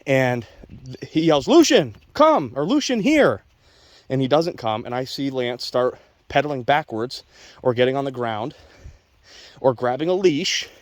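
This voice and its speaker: A man speaking to camera outdoors as a dog trainer, blunt and opinionated in a casual vlog way. He talks straight to his viewers at an everyday pitch. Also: moderate pace, dry recording.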